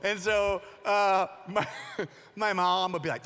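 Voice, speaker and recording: A man's voice: high-pitched, slow pace, smooth. A man giving a youth sermon, telling stories with jokes and playful asides. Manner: animated storytelling with jokes and asides. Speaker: youth pastor. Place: church hall. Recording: long reverb of a large hall.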